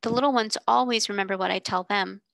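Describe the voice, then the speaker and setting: A woman's voice: medium pitch, quick pace, creaky, fairly bright tone, no echo. A woman voicing an earnest, thoughtful young girl who loves books, speaking in an eager, sincere way in a storybook reading.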